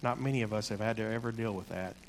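A man's voice: lowish voice, slight background noise. Earnest man preaching in a big hall. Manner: earnest, conversational, slows for emphasis. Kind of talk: sermon.

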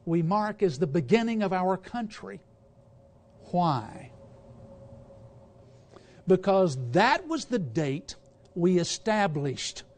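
A man with a high voice preaching a sermon to a congregation. He speaks with emphasis, throws questions out to the listeners and trips over his words at times. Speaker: guest preacher.

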